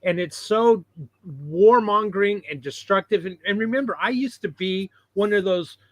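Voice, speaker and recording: A man's voice: high-pitched, moderate pace, no room sound. A man in a casual podcast discussion who cuts in and presses his point with emphasis. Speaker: podcast panelist.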